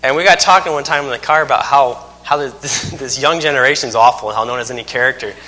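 A man's voice: mid-range voice, fast talker, sharp tone. A man in his thirties preaching a sermon, telling folksy stories with self-mocking humor. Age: 30s. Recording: long hall reverb.

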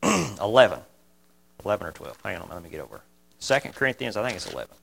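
A man's voice: deep voice, very animated, quick pace, vocal fry, a little hiss or hum. Impassioned male preacher. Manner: impassioned, repeats key phrases, swings from loud to quiet; folksy, conversational asides. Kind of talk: sermon.

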